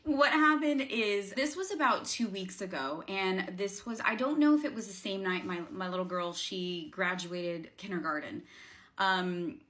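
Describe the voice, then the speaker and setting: A woman's voice: medium pitch, a little slow, a bit bright. A woman coaching viewers in a casual, rambling vlog, speaking earnestly with lots of fillers and restarts. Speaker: spiritual coach. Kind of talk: casual talking-to-camera vlog.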